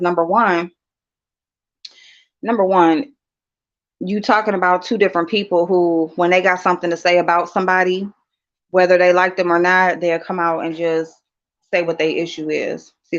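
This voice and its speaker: A woman's voice: on the low side, flat delivery, moderate pace. A woman hosting a casual livestream, talking bluntly and profanely straight to her chat. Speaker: livestream host. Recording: dull lo-fi livestream audio.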